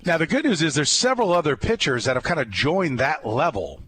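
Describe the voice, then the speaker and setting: Rambling, animated male sports talk host. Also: a little high, a little fast, slightly rough, no echo. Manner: rambling, animated storyteller with many restarts.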